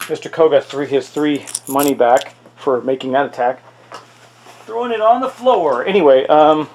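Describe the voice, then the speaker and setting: A man's voice: on the high side, a little mellow. Man thinking aloud through a board game. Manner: thinks aloud, exclaims at dice rolls. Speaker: host playing a tabletop miniatures game. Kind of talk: solo tabletop game playthrough commentary.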